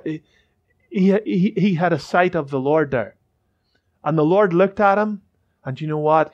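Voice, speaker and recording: A man's voice: on the high side, highs cut off. A male pastor preaching a sermon in church, fervent and repetitive, with many restarts.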